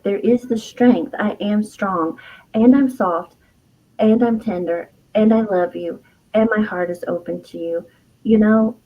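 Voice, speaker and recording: A woman's voice: medium pitch, dark tone, dull audio. A middle-aged woman, an herbalist and author, telling a personal story as an interview guest in an earnest, heartfelt way, laughing often and restarting her sentences. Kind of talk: candid personal storytelling in conversation.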